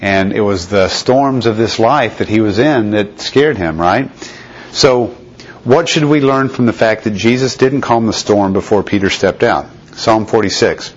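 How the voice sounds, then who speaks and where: A man's voice: lowish voice, measured pace. A man preaching a Bible teaching sermon, speaking conversationally and often checking in with "okay?" and "right?". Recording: slightly dull lo-fi recording.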